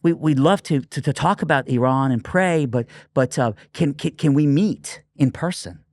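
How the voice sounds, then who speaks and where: A man's voice: fairly high pitch, moderate pace, dry recording, pitched above the performer's own voice, close to an everyday voice. A man voicing a polite, eager young woman speaking on a phone call.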